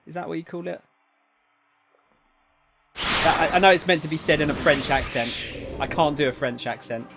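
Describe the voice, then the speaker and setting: A man's voice: on the high side, normal speed, music in the background. Chatty man streaming a game. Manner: chatty, jokey, asks chat for input. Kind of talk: casual let's-play commentary.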